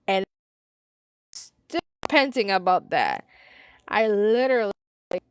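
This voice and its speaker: A woman's voice: a little high, clear, resonant tone, no room sound, clean studio sound. A woman reading a story aloud and rambling into side comments, with many restarts and the odd Spanish exclamation. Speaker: story reader.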